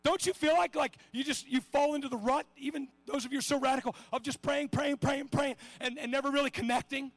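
Middle-aged man preaching, very high gravelly voice, impassioned, dry close sound. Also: fairly even intonation, brisk, hardly any pauses, no echo. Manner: impassioned, swings from shouting to hushed asides. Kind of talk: sermon.

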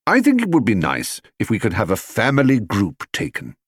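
A man's voice: lowish voice, huge pitch swings, moderate pace, slightly rough, dry recording, studio quality, heavily acted. A man voicing an earnest middle-aged father in an audiobook reading, a little vague and hasty in manner.

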